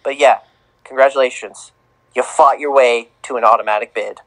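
A man's voice: mid-range voice, steady tone, moderate pace, low-quality recording. A man co-hosting a casual sports podcast, announcing tournament teams in a playful, sing-song way. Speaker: podcast co-host.

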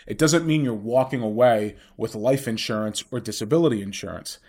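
A man's voice: medium pitch, brisk, a little mellow, breathy edge. A man who hosts a podcast as a financial planner, explaining things in a solo monologue and putting rhetorical questions straight to his listeners.

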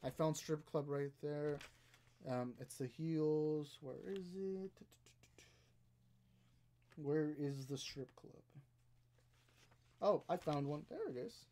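A man hosting a live stream, chatting casually and rambling while reading chat and browsing, now and then bursting into excitement. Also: a little high, slow. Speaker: podcast host streaming live.

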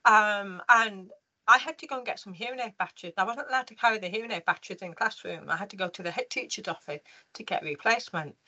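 Bright-voiced woman telling her story. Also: medium pitch, fast talker, low-quality recording. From United Kingdom. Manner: lively, with many restarts and fillers. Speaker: interview guest. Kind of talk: personal storytelling in an interview.

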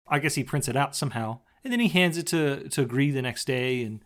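A man co-hosting a podcast, casually retelling a TV episode scene by scene, slipping into quick quoted lines and laughing often. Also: mid-range voice, a bit bright. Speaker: podcast co-host. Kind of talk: casual chat recapping a TV episode.

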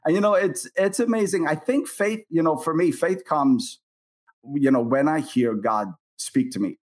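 A middle-aged man being interviewed about his ministry. He talks in an earnest, animated way at an average pitch and mimics the people he describes. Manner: earnest and animated, acts out voices in his stories. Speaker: prophetic minister, interview guest. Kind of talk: storytelling in an interview.

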